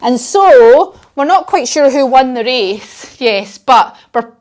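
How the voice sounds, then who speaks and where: A woman's voice: high voice, lively intonation, takes it slowly, darkish tone. A woman leading a children's yoga class, telling a playful story and cheering the kids on. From United Kingdom.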